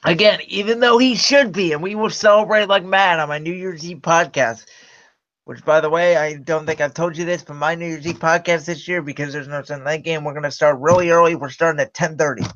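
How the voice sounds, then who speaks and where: A man's voice: fairly high pitch, fairly even intonation, fairly quick, a bit bright, muffled recording. A man hosting a casual sports podcast, giving emphatic opinions and announcements. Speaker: podcast host.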